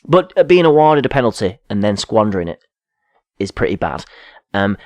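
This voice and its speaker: A man's voice: fairly low pitch, sing-song, normal speed, a little mellow, dry recording. A man co-hosting a football podcast, rambling casually and correcting himself as he goes. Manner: rambling, self-correcting, fillers. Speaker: podcast co-host.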